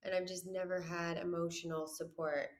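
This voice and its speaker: A woman's voice: lowish voice, little pitch movement, moderate pace. Earnest woman guest in a roomy echo. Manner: candid and earnest, many fillers. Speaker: guest, business owner. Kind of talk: casual interview chat.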